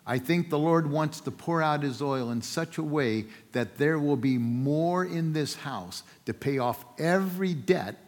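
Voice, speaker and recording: A man with a slightly high voice preaches a Sunday sermon, telling a story with playful asides and voices for its characters. His words ring out with a long reverb through a large church sanctuary. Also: measured pace, hardly any pauses. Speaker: pastor.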